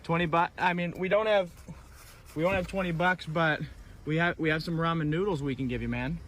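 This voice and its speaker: High-voiced man, breezy and friendly. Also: steady tone, fairly quick, a bit bright, slight background noise. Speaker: video creator handing out food. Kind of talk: casual filmed prank chat.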